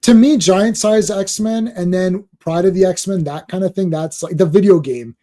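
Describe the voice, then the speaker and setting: A man's voice: high voice, moderate pace, dark tone. A man hosting a comic book podcast, talking casually and rambling as he repeats himself. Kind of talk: casual chat.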